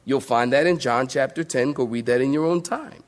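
A man's voice: medium pitch, normal speed. A male pastor preaching a sermon to a congregation, emphatic, calling out to the saints for responses.

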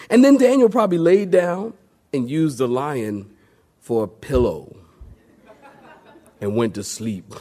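A male pastor delivers an animated sermon in a church service, his fairly high voice climbing for emphasis and then dropping to a near hush. He keeps calling on the congregation to answer him with amens. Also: measured pace, pauses often. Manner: animated preaching, wide swings from loud highs to hushed lows; call-and-response with the congregation.

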